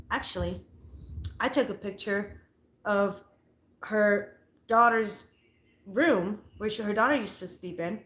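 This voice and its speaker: A woman's voice: on the high side, a bit bright. A woman hosting a livestream from home, telling a story in a blunt, profane, fired-up way. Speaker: livestream host. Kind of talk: heated casual rant. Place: at home with dogs nearby. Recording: roomy echoey sound.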